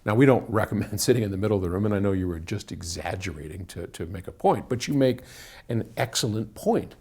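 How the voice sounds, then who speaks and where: A man's voice: fairly low pitch, animated, fast talker, a little mellow, husky. A man who runs an audio company, answering viewer questions in casual explanatory talk. He speaks conversationally with frequent restarts and repeated words, recorded on one microphone in an indoor room. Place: indoor room, moving toward and away from a wall. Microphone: single microphone in the room.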